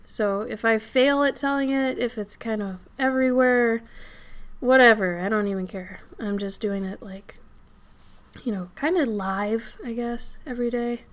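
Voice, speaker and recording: A hoarse woman, getting over an illness, chatting casually on a live stream while she draws; her voice crackles and she often drifts into soft whispers, speaking right up close to the mic. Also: a little high, a little slow. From Minnesota. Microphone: microphone close to the face.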